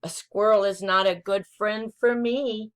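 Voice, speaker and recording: A small, lonely puppy hunts for a friend in a children's storybook, read out by a woman. The voice is eager and hopeful. It moves at a slow, easy storytime pace. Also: medium pitch, steady tone, clear, resonant tone, lightly acted. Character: lonely little female puppy looking for a friend. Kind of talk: children's picture-book read-aloud.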